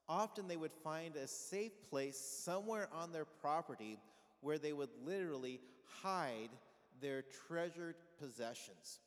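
A pastor giving a conversational sermon, asking his congregation questions and having them call back answers. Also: fairly high pitch. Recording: long reverb of a large hall.

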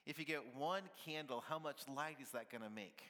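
A man delivers a sermon in a conversational, playful way, tossing questions and light laughs to the congregation. His voice is bright and fairly high for a man. The sound carries the long reverb of a church hall. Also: brisk. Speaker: pastor.

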